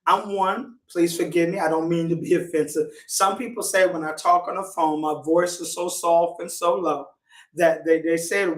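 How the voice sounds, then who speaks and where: A man leads a church lesson, slow and deliberate, circling back to drive each point home. His voice sits high for a man. He is heard from a distance in an echoing room. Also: steady tone, a bit bright. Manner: deliberate, repeats key points for emphasis. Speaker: church teacher. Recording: roomy echo, distant from the mic.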